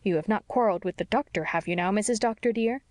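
A sensible housekeeper chatters on briskly and cheerfully, as a woman reading the story puts her on. Her manner is plain and matter-of-fact, heard dry and close. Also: mid-range voice, darkish tone, dry recording, close to an everyday voice. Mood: concerned.

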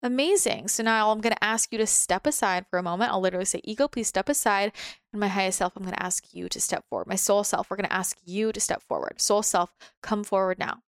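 A woman speaks as a spiritual teacher, her voice smooth and resonant. She talks gently and soothingly, sometimes acting out her inner voices. The sound is dry and close, with no room echo. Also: fast talker, hardly any pauses. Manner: gentle, soothing, occasionally voices her ego in a higher pitch. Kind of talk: guided spiritual talk.

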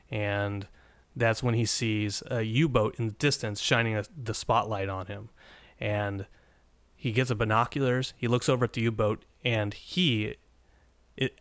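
A man's voice: mid-range voice, a bit bright, clear, resonant tone, dry recording. A man hosting a podcast, casually recapping an old TV episode with many restarts and fillers. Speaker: podcast host.

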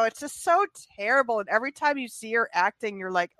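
Female podcast co-host, bright high voice, dry close recording, teasing and giggly. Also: sing-song, quick pace, few pauses, no room sound. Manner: laughs often, chatty and teasing. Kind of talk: casual movie discussion.

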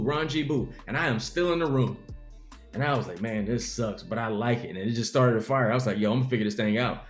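A man's voice: medium pitch, roomy sound. A young adult man, a comedian, telling his life story in an interview and acting out the people in it. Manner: animated storyteller acting out quotes.

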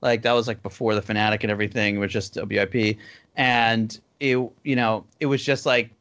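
A man's voice: fairly low pitch, steady tone, fairly quick, a bit bright. A man in his thirties from New Jersey, a podcast guest telling stories in a loose, rambling way full of fillers. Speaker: podcast guest, cartoon creator. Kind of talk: casual storytelling.

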